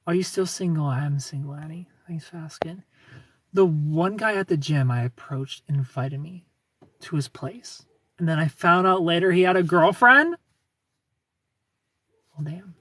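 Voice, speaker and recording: Brief: casual streamer, British man doing an American accent, husky voice, distant mic. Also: a little high, unhurried, pauses often, bright, forceful tone, no echo. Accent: American, put on by a British speaker. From Britain. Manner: chatty, reads comments aloud, laughs often. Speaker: livestream host answering chat. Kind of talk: casual livestream chat.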